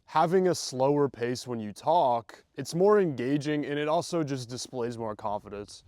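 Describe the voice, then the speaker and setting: A young man giving casual, confident dating advice straight to the listener, loose and slangy, sometimes showing how to slow his delivery down. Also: mid-range voice, a little mellow, no room sound. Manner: demonstrates slow versus rushed delivery. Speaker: dating coach. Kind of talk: direct-to-camera advice monologue.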